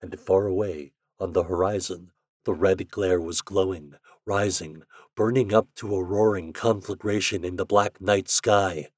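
A man narrating a dramatic story in a steady voice, building intensity as he goes. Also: deep voice, measured pace, no echo, studio quality.

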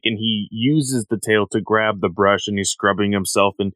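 A man's voice: on the low side, fairly even intonation, moderate pace, a bit bright, no room sound. A man retelling a story in casual chat as a podcast co-host, rambling and full of "like". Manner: rambling, many "like" fillers. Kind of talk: casual chat recapping a comic.

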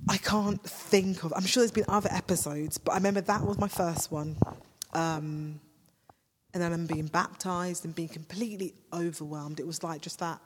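A woman speaking as a podcast guest in a casual talk about faith, searching for words and breaking off her sentences. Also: fairly low pitch. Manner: searching, self-interrupting, animated when amused. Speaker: podcast guest, ministry leader. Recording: long reverb.

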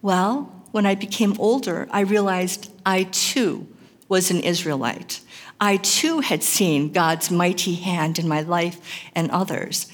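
A woman's voice: on the low side, slow, in a large hall. A woman giving an earnest, emphatic chapel sermon that mixes scripture with personal testimony. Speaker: chapel speaker.

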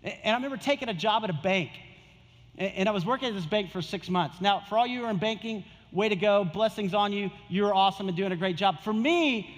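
A man's voice: sits high, fast talker, big-room sound. A male pastor preaching a sermon in a casual, conversational way, repeating his key phrases.

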